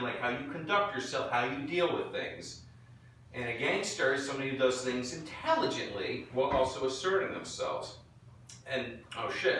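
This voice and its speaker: A man from Florida telling a profane story casually and acting out the voices of the people in it. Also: medium pitch. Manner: profane, animated, acts out quotes. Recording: echoey room, distant mic, faint noise.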